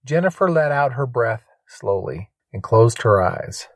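Slow, measured male story narrator. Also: mid-range voice, lively intonation, no echo.

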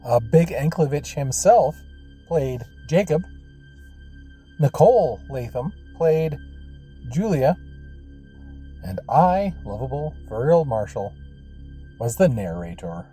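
A man narrating an audio drama in a measured, even storytelling manner. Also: a little high, faint music behind.

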